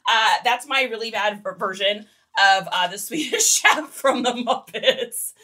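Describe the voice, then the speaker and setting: A chatty, giggly woman leads a casual livestream tutorial and talks straight to her viewers. Her voice is high and bright. She sits a little back from the microphone. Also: lively intonation, unhurried, distant mic. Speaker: online reseller teaching on a livestream.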